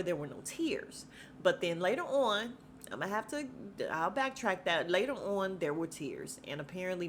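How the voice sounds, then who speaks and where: A woman hosting a podcast, recapping a reality show in a loose, slangy, animated way and breaking into laughter as she acts out the cast's lines. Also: fairly low pitch, a little hiss or hum. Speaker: podcast host.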